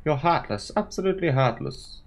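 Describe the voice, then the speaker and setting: A man's voice: mid-range voice, big pitch swings, moderate pace, pitched above the performer's own voice. A man voicing a hysterical, tearful young woman who shrilly accuses and insults. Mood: tearful, furious.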